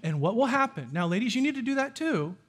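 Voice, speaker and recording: A middle-aged man preaching a sermon, lively and animated, often asking the congregation questions. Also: very high voice, fast, husky. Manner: animated, asks the audience questions. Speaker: pastor.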